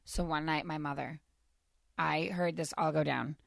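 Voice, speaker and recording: A woman's voice: sits low, steady tone, moderate pace, creaky, dry recording, studio quality. A woman co-hosting a podcast, telling long, wry anecdotes in casual conversation. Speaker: podcast co-host. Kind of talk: casual chat.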